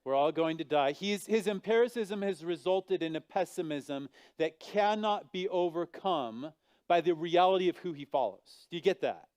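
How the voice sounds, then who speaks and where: A man preaching a sermon as pastor, animated and acting out the voices of biblical figures with big swings in pitch and loudness. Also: normal speed, smooth, dry recording.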